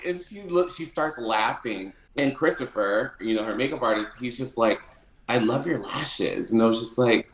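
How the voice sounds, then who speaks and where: A man telling stories as a podcast guest, animated, often laughing and acting out what people said. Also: medium pitch, a little slow, echoey room, poor audio. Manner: animated, laughing often, acts out quoted lines. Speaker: podcast guest, drag performer. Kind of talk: casual storytelling interview.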